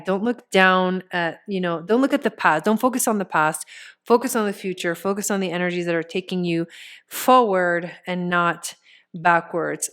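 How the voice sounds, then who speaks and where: A woman's voice: on the low side, smooth. A woman giving a casual tarot reading, talking straight to the viewer in a chatty way with many filler words. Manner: speaks straight to the viewer as "you". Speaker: tarot reader and astrologer.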